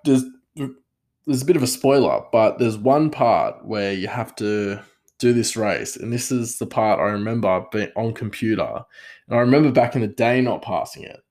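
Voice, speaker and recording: A young man talks casually about video games in a somewhat low voice. He rambles and drifts off topic, pokes fun at himself, and keeps the tone easy and conversational. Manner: rambling, digressive, self-deprecating. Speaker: gaming vlogger. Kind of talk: casual chat.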